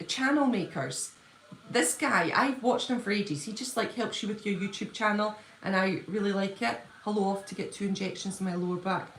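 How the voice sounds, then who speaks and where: A woman hosting a casual live stream from home, chatty and effusive, laughing easily as she talks. Her voice sits at a medium pitch, and the room around her sounds noticeably echoey. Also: slight background noise. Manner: chatty, bubbly, quick to gush and laugh. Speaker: livestreaming fan-channel host. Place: at home, indoors.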